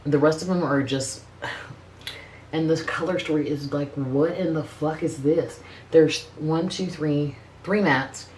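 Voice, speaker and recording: A woman's voice: deep voice, takes it slowly, a little mellow, slight background noise. A middle-aged woman chatting casually as a beauty vlogger, blunt and profane, rambling with frequent restarts. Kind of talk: casual makeup review chat.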